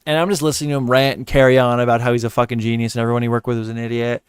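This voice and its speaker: A man's voice: medium pitch, flat delivery, rapid-fire, smooth, no room sound, clean studio sound. A man hosting a livestream, telling stories and giving blunt advice in a rambling, profane, offhand way. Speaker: livestream host. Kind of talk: casual livestream chat.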